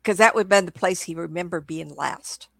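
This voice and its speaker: Speaking a little fast in a lowish, gravelly voice with a fairly bright tone, this older woman sounds like she has a sore throat. She's a psychic medium guest spinning stories in loose, casual conversation and often starting over, recorded in studio quality with no room sound.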